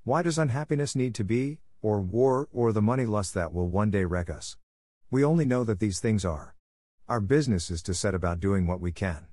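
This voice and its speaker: A man reading the part of a calm, hopeful woman probation officer, speaking steadily and reasonably. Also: lowish voice, normal speed, dry recording, natural voice. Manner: steady, reasonable, quietly firm. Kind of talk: audiobook character reading.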